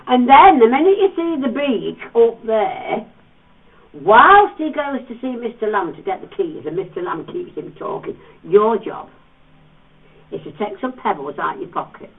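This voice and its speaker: A man's voice: sits high, unhurried, gravelly, breathy edge. A man guiding a tour group through a cave, telling teasing stories and acting out voices. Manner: playful, teasing storyteller with animated voices. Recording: distant, phone-like thin sound.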